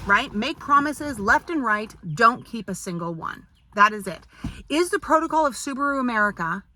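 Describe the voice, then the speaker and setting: A woman's voice: a little high, pushed and bright, no room sound. A woman vlogger ranting to camera in an indignant, exasperated tone, firing off repeated rhetorical questions. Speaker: parent and business owner.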